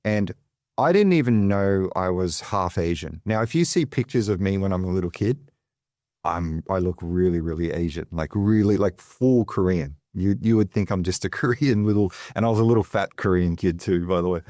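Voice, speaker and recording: A man's voice: low voice, animated, moderate pace, a little mellow, no room sound, studio quality. A man with an Australian accent telling his life story as an interview guest, chatty and digressive with lots of fillers. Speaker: guest, financial advisor.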